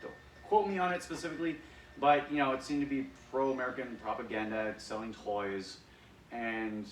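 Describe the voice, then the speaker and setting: A man leading drama practice, talking in an animated, rambling way with lots of fillers. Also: medium pitch, moderate pace, a little hiss or hum. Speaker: drama coach. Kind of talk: casual drama practice talk. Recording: echoey room, distant mic.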